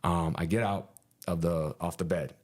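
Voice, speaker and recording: A man in a casual interview, telling a story with animated energy, lots of fillers and punchy "boom" sound effects, and casual swearing. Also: normal speed. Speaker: interview guest.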